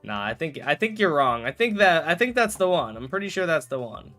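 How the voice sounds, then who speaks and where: A young man with a rather high, very animated voice talks a bit quickly, his tone pushed and bright, over soft background music. He's chatting casually on a live stream while gaming, rambling, correcting himself and joking around with chat.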